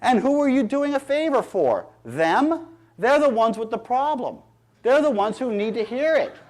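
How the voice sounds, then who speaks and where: Emphatic high-voiced man giving a speech. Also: sing-song, moderate pace. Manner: emphatic, sarcastic lecturing. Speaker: speaker. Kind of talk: public speech.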